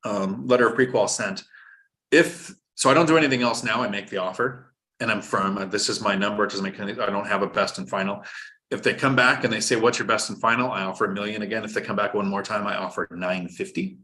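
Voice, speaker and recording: Casual male stream host, low voice, explains like a teacher, drops dad jokes. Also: fast talker, pushed and bright. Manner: instructive, joking, reads viewer chat aloud. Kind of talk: live-stream finance chat.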